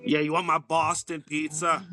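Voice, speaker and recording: A man's voice: fairly high pitch, monotone, normal speed, bright, forceful tone, no room sound, clean studio sound. A man putting on a brash Boston guy bragging about his pizza, in a broad put-on drawl. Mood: cocky.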